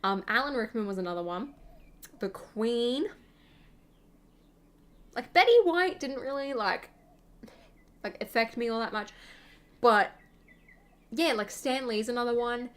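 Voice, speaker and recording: A woman's voice: a little high, lively intonation, measured pace, long pauses, a bit bright. A young woman, hosting a gaming channel and chatting casually over gameplay in a rambling way, full of fillers.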